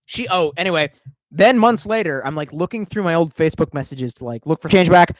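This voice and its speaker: Young man, streamer, rambling profane storytelling, lively swooping pitch, dry close sound. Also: brisk, dry recording. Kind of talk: casual storytelling monologue.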